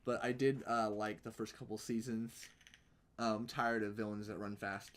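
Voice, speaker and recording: A man from the United States co-hosting a podcast in casual chat, swearing often and rambling in an animated way. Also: fairly low pitch, moderate pace. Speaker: podcast co-host.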